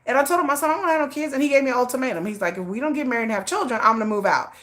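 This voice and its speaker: A middle-aged woman hosting a livestream, telling a story in blunt, laughing, animated casual chat. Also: high-pitched, very fast. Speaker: livestream host.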